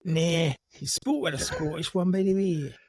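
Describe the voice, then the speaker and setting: A man's voice: on the high side, moderate pace, darkish tone, no room sound. A man co-hosting a podcast, telling a true story in a casual, dry, jokey way. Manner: dry, jokey, puts on gruff voices in quotes.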